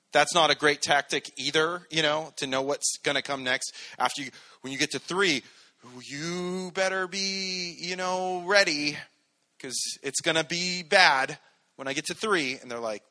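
A man's voice: fairly high pitch, bright, forceful tone. A man preaching a casual, conversational sermon, joking and acting out little quotes. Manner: casual, jokey, acts out quotes in voices. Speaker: pastor.

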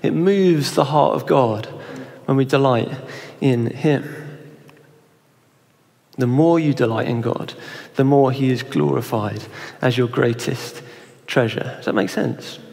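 Young pastor, chatty sermon delivery with questions to the room, mid pitch, echoing church hall. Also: male voice, slow, vocal fry, darkish tone. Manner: conversational, asks the audience questions. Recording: reverberant hall.

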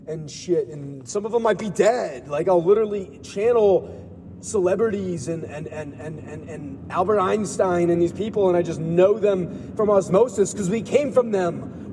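Man, high voice, rambling and swearing, rhyming asides, long reverb, clear vehicle noise behind. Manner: profane, stream-of-consciousness, drifts into rhymes. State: sore throat. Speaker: podcast host. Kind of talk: rambling monologue.

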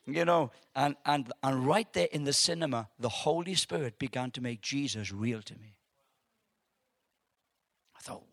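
Animated man telling a preaching testimony. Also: on the high side, no room sound, studio quality. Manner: animated storytelling, halting repeats. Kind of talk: testimony sermon.

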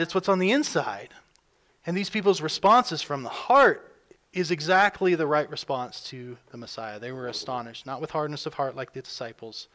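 A man's voice: on the high side, a bit bright. A man preaching a sermon in a conversational way, often acting out the people he talks about. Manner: conversational, acts out quotes with rising energy. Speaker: pastor.

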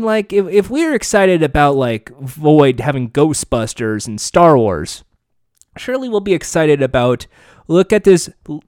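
A sarcastic man rambles through the news in a fairly high voice, swearing freely as he riffs. The sound is dry and close, with no room around it. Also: clean tone, dry recording. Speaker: podcast host. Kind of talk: casual commentary reading news.

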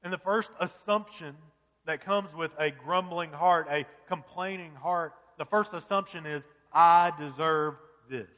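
A man's voice: a little high, unhurried, sharp tone, in a large hall. A man preaching a sermon as pastor, earnest and full of rhetorical questions.

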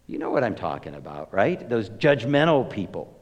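A pastor preaching a sermon, telling the story with emphasis and swinging between loud and hushed delivery. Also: male voice, medium pitch, wildly swooping pitch, moderate pace. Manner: emphatic storytelling, rises and drops in volume. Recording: echoey hall with long reverb.

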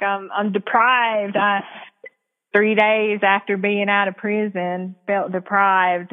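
A young adult woman tells her own story as a podcast guest, speaking candidly in a relaxed, frank way with easy laughs. Her voice sits at an ordinary pitch for a woman. It comes through narrow and tinny, like a phone line. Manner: casual, frank, laughs often.

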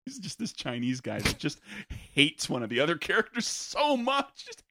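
A man's voice: fairly high pitch, huge pitch swings, moderate pace, background noise. A man co-hosting a podcast, joking and teasing his friends in casual chat and laughing often. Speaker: podcast co-host.

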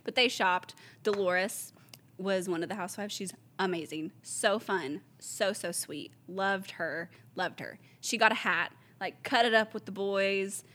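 Animated woman telling stories. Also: medium pitch, measured pace. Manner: animated storyteller, acts out quoted voices, laughs often. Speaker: store owner telling stories. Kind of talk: casual chat.

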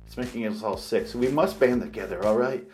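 A man's voice: medium pitch, brisk, darkish tone, faint music behind. A man giving a mock-serious, melodramatic confession in a comedy monologue, speaking from a shower. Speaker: comedy vlogger.

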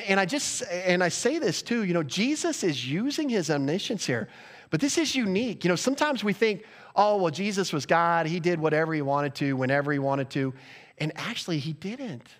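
A male pastor delivering a sermon in a conversational style, asking the congregation rhetorical questions. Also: fairly high pitch.

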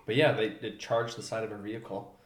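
A young man telling a story in casual chat, animated, with many fillers, trailing off quietly. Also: fairly low pitch, fast talker, reverberant, background noise. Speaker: podcast guest.

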